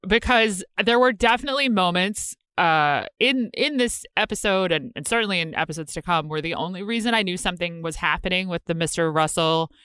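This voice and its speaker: A woman's voice: lowish voice, brisk, hardly any pauses, fairly bright tone, smooth, no echo. A woman co-hosting a podcast in casual chat, rambling and wry, often breaking off mid-sentence. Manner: rambling, self-interrupting, wry. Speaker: podcast co-host.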